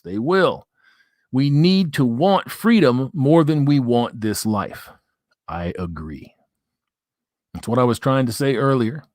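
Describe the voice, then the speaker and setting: A man's voice: mid-range voice, darkish tone, dry recording, clean studio sound. A man hosting a live stream, reading viewer comments and ranting in crude, profane, mocking banter. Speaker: livestream host.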